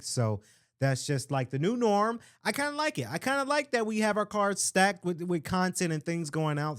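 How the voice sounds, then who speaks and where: A man hosting his own podcast, talking loosely and with hype-man energy, his throat a little strained from shouting. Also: medium pitch, smooth. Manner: rambling, loose and conversational. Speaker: podcast host. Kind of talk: casual solo podcast talk.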